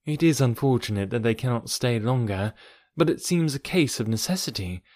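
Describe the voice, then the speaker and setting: A man's voice: mid-range voice, normal speed, no room sound, clean studio sound, close to an everyday voice. A man reading the lines of a patient, sensible young woman who reassures her father, in an audiobook. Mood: reassuring. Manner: calm, reassuring.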